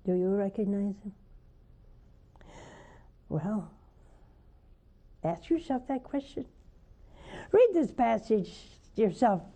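An older woman, a nun hosting a call-in show, preaching fervently and coaxing callers, her voice often rising to high emphatic peaks. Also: big pitch swings, slow pace, long pauses, warm tone.

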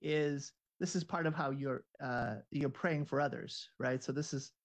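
A man's voice: medium pitch, a little slow, gravelly. A man co-hosting a casual conversation, talking in an earnest, searching way and often restarting his sentences.

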